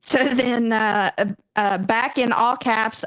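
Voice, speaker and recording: Slow, amused woman reading texts, dry mic. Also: on the high side, fairly even intonation, a bit bright, smooth, no echo, rough recording. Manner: amused, reads slowly with frequent fillers and laughs. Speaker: podcast co-host. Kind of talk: reading text messages aloud on a podcast.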